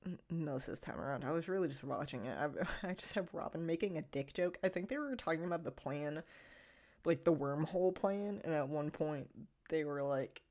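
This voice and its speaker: A woman's voice: deep voice, expressive, moderate pace, darkish tone. A young woman reviewing a TV episode in a casual chat. She rambles and laughs often, with lots of "like" in her speech. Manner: chatty, laughs often, many "like" fillers.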